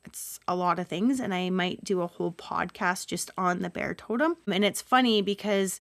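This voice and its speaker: A woman's voice: lowish voice, moderate pace, dry recording, studio quality. A woman hosting a solo spiritual podcast as a Reiki healer, talking in an earnest, emotional and rambling way with many asides.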